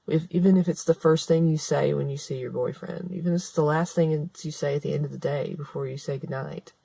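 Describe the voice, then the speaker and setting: Fairly quick and fairly even in intonation, this woman's deep voice is gravelly yet mellow, with a breathy edge and no room sound. As an author and vlogger, she speaks directly to camera in an earnest, conversational monologue, restarting sentences and repeating points for emphasis.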